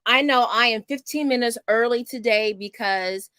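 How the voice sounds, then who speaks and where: A woman's voice: fairly high pitch, normal speed, pushed and bright, clean tone, dry recording. A middle-aged woman from Houston, hosting a casual homeschool livestream in a chatty, rambling way. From Houston, Texas. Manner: chatty, upbeat, rambling with fillers. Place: small home studio.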